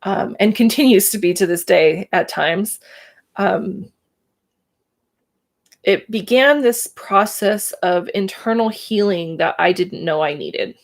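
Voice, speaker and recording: This livestream host, a woman in her thirties, recounts her own experiences openly and emotionally, with laughs scattered between her thoughts. Her mid-range voice has a gravelly texture, and she takes her time speaking.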